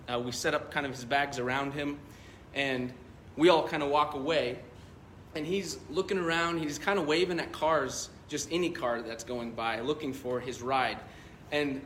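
A man's voice: medium pitch, a bit bright, echoey room, slight background noise. A male pastor preaching a sermon, telling a story in a loose, conversational way with many fillers.

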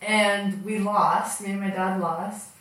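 A young woman, a guest, telling a story in a deadpan way. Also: mid-range voice, takes it slowly. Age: young adult. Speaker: guest, daughter. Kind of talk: casual comedy chat. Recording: distant mic in echoey room.

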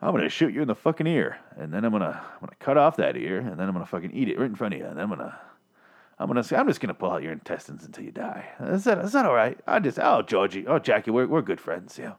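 A man's voice: on the low side, very animated, fast. A man voicing a menacing killer who makes threats in a casual, sing-songy way.

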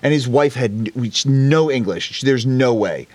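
A man's voice: mid-range voice, lively intonation, normal speed, a little mellow, no echo. A man guest on a podcast in casual chat, enthusiastic and self-mocking. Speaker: podcast guest, shop owner.

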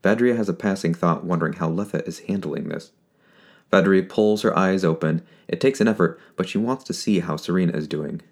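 A man reading scripted fiction narration in a steady, measured way. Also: low voice.

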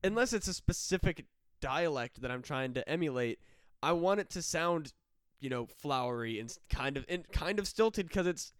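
A man's voice: fairly high pitch, expressive, moderate pace, smooth, no echo, clean studio sound. A young man, a guest on a podcast, telling personal stories in casual, profane chat. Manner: profane, storytelling with laughs and fillers. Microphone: studio mic.

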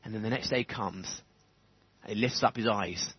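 A man preaching a sermon in church, animated, chuckling often and building to fervent emphasis. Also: lowish voice, moderate pace, breathy edge. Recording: dull lo-fi church recording.

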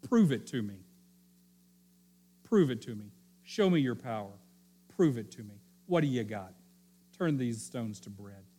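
A man voicing the devil as a sly, taunting male tempter who repeats his dares slowly in a sermon. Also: mid-range voice, expressive, dark tone. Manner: slow mocking challenge, repeated dares.

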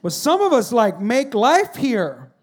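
A man with a high voice preaches a sermon in a church. He is animated, bursting into loud acted-out shouts and then dropping to quiet, earnest talk. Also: takes it slowly. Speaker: pastor.

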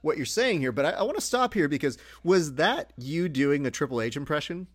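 A man's voice: on the high side, lively intonation, a little fast, no room sound. Wry, joking man hosting a podcast. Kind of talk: casual chat.

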